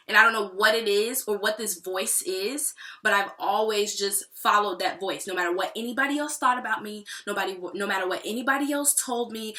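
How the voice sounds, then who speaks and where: A woman's voice: mid-range voice, sharp tone. A woman and aspiring songwriter talking through her feelings in a candid, profane, rambling video diary. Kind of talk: personal vlog diary. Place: New York City. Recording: echoey room.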